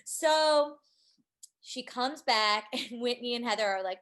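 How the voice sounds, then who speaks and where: Woman podcast co-host, high voice, laughs a lot, acts out quotes; faint music underneath. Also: takes it slowly. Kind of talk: casual recap chat.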